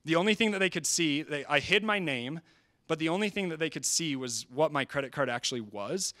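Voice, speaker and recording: A man presenting at a training session, talking in an energetic, conversational way and quoting people in quick asides. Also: a little high. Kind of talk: live presentation. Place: presentation hall.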